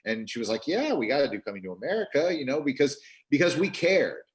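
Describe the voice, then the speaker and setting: A man, a film director, talks over a video call in an interview. He tells his stories in an animated way, acts out what others said, and often restarts his sentences. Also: mid-range voice, quick pace. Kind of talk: interview storytelling.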